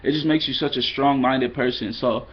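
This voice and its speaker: A man's voice: mid-range voice, fairly even intonation, moderate pace, husky, highs cut off. A man giving a loose, rambling vlog lesson, mixing in Spanish phrases and poking fun at himself. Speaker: vlogger teaching Spanish.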